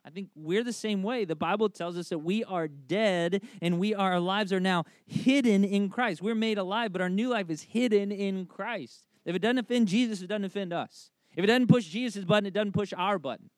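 A man's voice: high voice, moderate pace, few pauses, no room sound. A man in his thirties preaching a sermon, conversational and emphatic, with humorous family stories and repeated key phrases. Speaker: pastor.

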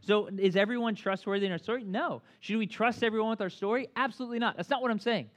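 A man preaching a conversational sermon as pastor, animated and full of asides, often checking in with "right?". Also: high-pitched, fast.

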